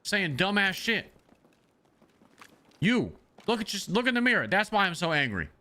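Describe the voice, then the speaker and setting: A man's voice: high voice, very animated, normal speed, sharp tone. A man streaming a shooter game, ranting and trash-talking with heavy profanity. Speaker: gaming streamer. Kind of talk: live gameplay commentary.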